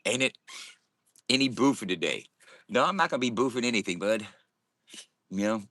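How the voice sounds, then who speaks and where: Man, casual vlog, loud and profane, lively swinging pitch, bright ringing tone. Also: normal speed, no echo, clean studio sound. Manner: boisterous, profane, laughing often. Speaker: vlogger. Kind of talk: casual morning vlog to camera.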